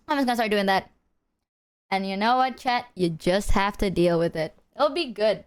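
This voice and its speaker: A woman's voice: medium pitch, a little fast, clean tone. A woman streamer chatting casually with her viewers, playful and swearing freely, breaking into silly sung bits.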